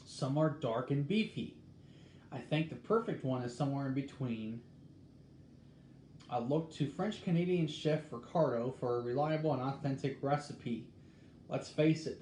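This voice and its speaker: Slow, musing man in an echoey room. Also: mid-range voice. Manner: halting, musing, thinks out loud. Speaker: host. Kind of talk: casual talk, reading a recipe aloud. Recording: echoey room with faint background noise.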